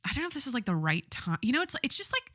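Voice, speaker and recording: A woman's voice: high-pitched, wildly swooping pitch, very fast, pushed and bright, no echo, studio quality. Rambling, giggly woman podcaster. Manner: rambling, giggly, self-interrupting, swears casually. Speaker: podcast host. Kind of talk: casual monologue.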